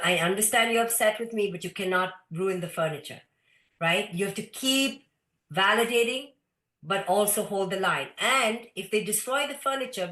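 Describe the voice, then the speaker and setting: A woman's voice: lowish voice, fairly bright tone. A woman leading a live parenting workshop, speaking directly and instructively, sometimes reading audience comments aloud. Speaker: parenting teacher. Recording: roomy echo.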